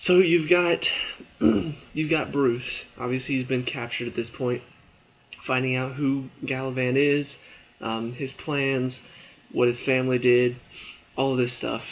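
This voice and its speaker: A worn-out man talks through a TV episode review in a loose, rambling way, with many "um"s and restarts. His voice sits at an ordinary middle pitch. The recording sounds dull and a little lo-fi. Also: fairly even intonation, a little slow. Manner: rambling, filler-heavy, frequent restarts. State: tired. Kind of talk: casual spoken review.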